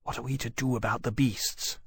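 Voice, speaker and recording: A man voicing a brash, boastful young gentleman in a spoken storybook, talking in an airy, offhand way. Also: mid-range voice, big pitch swings, normal speed, no room sound. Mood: tense.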